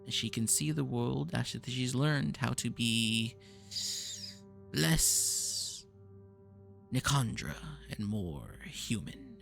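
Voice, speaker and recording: A man voicing a grandiose, eccentric male mage who is touchy and theatrical, with a lively gravelly voice. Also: mid-range voice, takes it slowly, soft background music, heavily acted.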